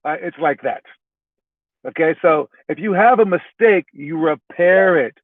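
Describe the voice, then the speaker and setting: A man's voice: a little high, normal speed, dry recording. A man who coaches basketball, giving a casual, loose spoken lesson from his car, often checking in with "all right?" and joking at his own expense. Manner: self-mocking. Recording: tinny phone-like, dry.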